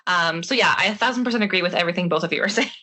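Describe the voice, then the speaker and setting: A woman's voice: on the low side, very fast, sharp tone. A young adult woman co-hosting a podcast, earnest and thinking aloud with many "um"s. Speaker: podcast co-host. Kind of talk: casual chat.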